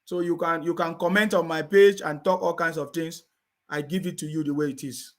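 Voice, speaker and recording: A man's voice: fairly high pitch, a little fast. A man delivering a combative, repetitive rant and often asking his audience if they understand him. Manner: combative, repeats phrases, asks "you understand me?". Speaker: political commentator. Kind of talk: heated live-stream rant.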